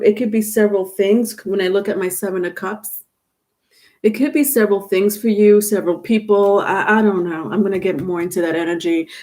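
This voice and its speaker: A woman's voice: medium pitch, warm tone. A woman doing a live-stream tarot reading, chatty and loose, laughing often and trailing off with fillers and restarts. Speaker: tarot reader.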